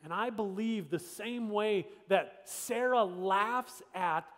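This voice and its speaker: A man's voice: sits high, slow. A man preaching a sermon as pastor, talking in a conversational, emphatic way and repeating his rhetorical questions. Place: church sanctuary. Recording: long church hall reverb.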